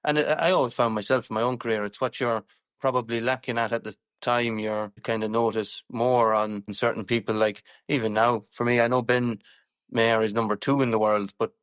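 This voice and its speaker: A man's voice: medium pitch, fairly even intonation, a little fast, a bit bright, clean tone, no room sound, studio quality. A man with an Irish accent, a show jumper chatting casually on a podcast, rambling with many fillers and restarts.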